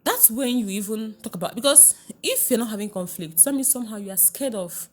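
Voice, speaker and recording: Speaking a little fast and on the high side, a middle-aged Nigerian woman gives a podcast interview about her work as a relationship coach. She's animated, breaks into laughter often, and keeps asking if the listener understands.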